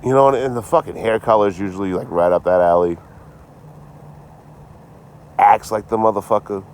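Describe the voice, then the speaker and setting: A man with a fairly low pitch talks at normal speed. He's tipsy, chatting casually on a livestream from his phone, swearing frequently and rambling through sarcastic jokes with viewers.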